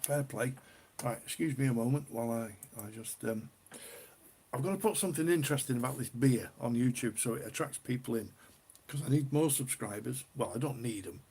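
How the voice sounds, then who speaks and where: A man's voice: mid-range voice, fairly quick, darkish tone, husky. A man with a northern English accent hosting a casual livestream, chatting with viewers, reading their comments aloud and laughing often. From northern England. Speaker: livestream host.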